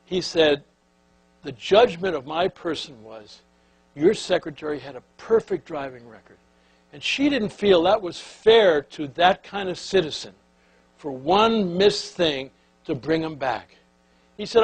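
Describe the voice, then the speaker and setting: An older man tells workplace stories to an audience, bringing each quote to life. His voice is husky and sits a little high. A faint electrical hum runs under the recording. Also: unhurried, low-quality recording. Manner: animated anecdotes with acted-out quotes. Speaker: keynote speaker. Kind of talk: storytelling keynote speech.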